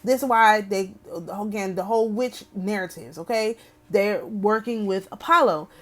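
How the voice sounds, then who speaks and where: A woman's voice: medium pitch, moderate pace. A woman hosting an astrology channel. She reads a text aloud and keeps breaking off for wry, opinionated asides, often asking "okay?". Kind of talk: reading a text aloud with commentary.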